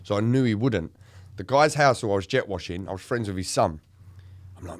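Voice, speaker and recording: A man's voice: fairly low pitch, animated, fairly quick, no room sound. A man, candidly telling a story about himself in a podcast chat, swearing and acting out what people said. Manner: emotional, swearing, acts out quoted lines. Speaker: podcast co-host in recovery.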